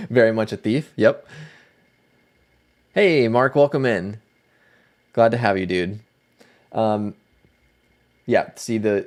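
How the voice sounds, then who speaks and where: A man hosting a casual livestream, chatting in a relaxed way and greeting viewers by name. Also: on the low side. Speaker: livestream host.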